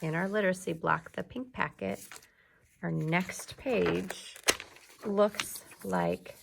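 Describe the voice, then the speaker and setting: A woman teacher leading an early reading lesson for young children, speaking slowly and clearly and drawing out her words. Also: lowish voice, background noise. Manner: slow, clear teacher talk with drawn-out words.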